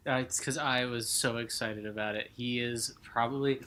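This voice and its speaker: A young man with a bright, sharp-edged voice co-hosts a casual podcast. He talks in an excitable, blunt way and swears freely for comic effect. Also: mid-range voice, normal speed, a little hiss or hum. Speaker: podcast co-host. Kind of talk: casual chat.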